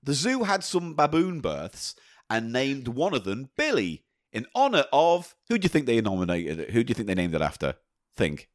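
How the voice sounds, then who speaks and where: A man's voice: mid-range voice, huge pitch swings, normal speed, dry recording, studio quality. Playful southern English man co-hosting. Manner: jokey, playful, reads listener letters aloud. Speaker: podcast co-host. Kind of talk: casual comedic chat.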